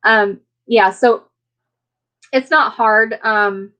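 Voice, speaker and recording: A woman's voice: on the high side, steady tone, extremely slow. Chatty woman hosting a live stream. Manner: rambling, chatty, many fillers; warm, friendly toward viewers. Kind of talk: casual live chat with viewers.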